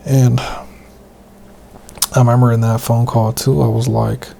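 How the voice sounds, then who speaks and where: A man hosting a podcast, telling casual rambling stories in a loose, profane way, keeping his voice soft. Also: medium pitch, flat delivery, slow pace, creaky, pauses often, slight background noise. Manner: speaking softly, half-whispered. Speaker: podcast host. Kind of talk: casual storytelling monologue.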